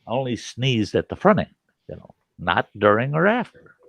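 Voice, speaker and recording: A man hosts a casual show, telling rambling anecdotes laced with swearing. His medium-pitched voice is sing-song and creaky at a moderate pace, recorded with no echo in dull, dry lo-fi sound.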